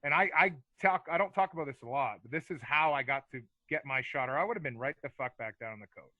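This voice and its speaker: He's a man in his forties who used to be a hockey enforcer, talking fast in a medium-pitched voice as a podcast guest. His storytelling is casual, profane, and easygoing with lots of filler, recorded without echo in phone-quality sound.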